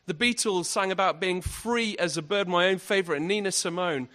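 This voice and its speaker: Earnest man giving a talk, slightly high. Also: normal speed, a bit bright. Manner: earnest, rhetorical questions. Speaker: guest speaker. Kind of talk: evangelistic talk. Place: university event hall.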